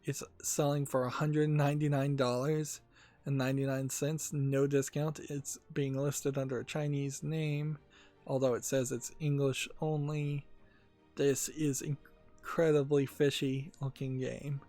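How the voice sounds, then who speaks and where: Gravelly guy rambling over games news, stops and restarts a lot, soft music under it. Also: mid-range voice, flat delivery. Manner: rambling, halting, with many fillers and restarts. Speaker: gaming channel host. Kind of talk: casual game news commentary.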